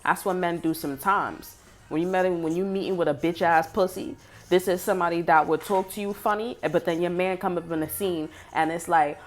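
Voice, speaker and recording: A woman's voice: fairly low pitch, brisk. Woman doing a tarot reading, swears a lot, heated and blunt, faint music behind her. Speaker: tarot reader. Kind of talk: casual spoken tarot reading.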